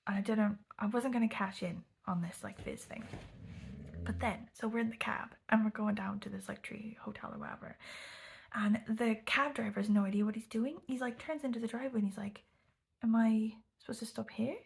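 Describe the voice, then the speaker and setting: Her voice sits in the middle range, brisk and fairly even in intonation, with a breathy, gravelly texture. The young woman chats through a storytime vlog, frequently half-whispered and heavy on "like."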